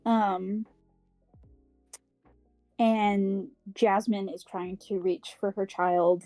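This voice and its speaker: A woman's voice: mid-range voice, fairly even intonation, dark tone, no echo, faint music behind, poor audio. A woman co-hosting a podcast, recapping a novel in casual, rambling talk full of fillers and the odd swear word. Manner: acts out characters' lines in quick paraphrase. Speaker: podcast co-host. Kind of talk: casual book club chat.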